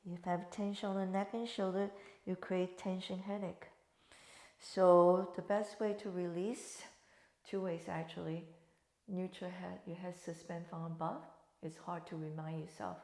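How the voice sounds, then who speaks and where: A woman's voice: fairly low pitch, level tone, moderate pace, vocal fry, a little mellow. A woman wellness instructor leading a guided stretching class, calling out breath cues and checking in with "right?". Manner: chatty coaching with breath cues and frequent "right?". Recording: roomy echo.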